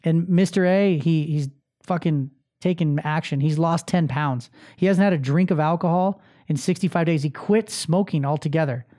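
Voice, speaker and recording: A man with a slightly high, warm voice talks at a moderate pace as he films himself for his podcast and coaching show. He gives a laid-back motivational talk, cursing freely and repeating key phrases to make them stick.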